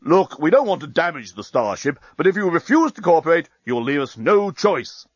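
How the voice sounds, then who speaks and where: A booming, menacing alien fleet voice in a storybook, as a male narrator puts it on. It speaks slowly and loudly, raised in pitch. The sound is dry and a bit dull. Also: very animated, husky, no echo. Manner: slow, loud and commanding.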